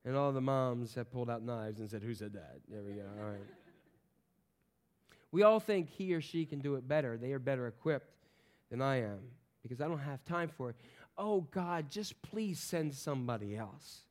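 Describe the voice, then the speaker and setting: A man preaching a sermon, animated and playful, acting out voices in the stories he tells. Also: mid-range voice, brisk. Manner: animated, acts out voices in quotes, jokes with the congregation. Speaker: pastor.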